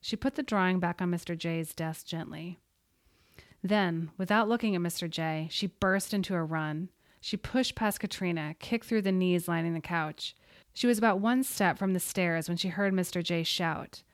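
A woman reading a story aloud in a steady, suspenseful voice. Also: lowish voice, normal speed, no room sound, clean studio sound. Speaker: audiobook narrator. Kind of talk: scripted narration.

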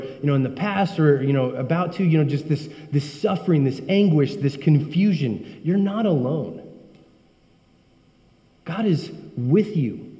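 A man's voice: a little high, warm tone. Earnest preacher man in a reverberant hall. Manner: earnest, emphatic, rising when he voices prayers. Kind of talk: sermon. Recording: dull recording with long hall reverb.

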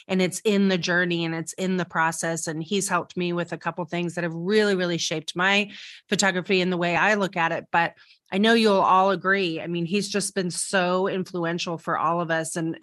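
A woman co-hosting a podcast, telling a story in casual, animated chat with many restarts. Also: lowish voice, dry recording, clean studio sound. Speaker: podcast co-host.

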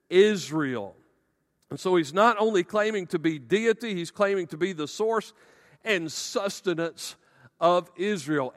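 A man preaching a sermon as pastor, emphatic and slowing down to stress key words. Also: sits high, in a large hall.

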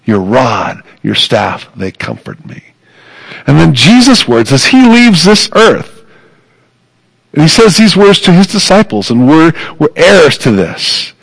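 Slow gravelly-voiced male preacher. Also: a little high, very animated, low-quality recording. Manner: earnest, emphatic preaching with repeated phrases. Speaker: pastor. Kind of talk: sermon.

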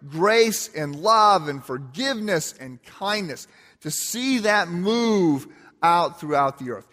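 A pastor preaching a sermon, with conversational storytelling and self-deprecating humor. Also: male voice, high voice, animated, takes it slowly, a bit bright. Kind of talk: sermon opening with a personal story. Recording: long reverb of a large hall.

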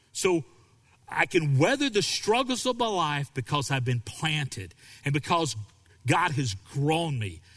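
Pastor animado com eco longo. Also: male voice, medium pitch, big-room sound. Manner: animated preaching, acts out quoted voices. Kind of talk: sermon.

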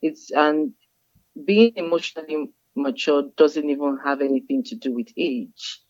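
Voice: mid-range voice, lively intonation, a little slow, darkish tone, no room sound. A guest speaker in an interview, explaining in a patient, teacherly way and repeating key phrases. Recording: dull, dry lo-fi sound.

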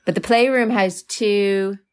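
A woman's voice: mid-range voice, slow. A woman hosting a casual family podcast from home, patiently explaining and steering the conversation. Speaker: podcast host, mother.

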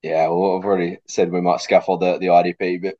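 Deep-voiced Aussie male coach guest, dry close sound, thoughtful, coughing now and then. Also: steady tone, fairly quick, creaky, mellow, no echo, dull audio. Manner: thoughtful, repeats words as he thinks. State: coughing fit. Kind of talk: casual interview chat.

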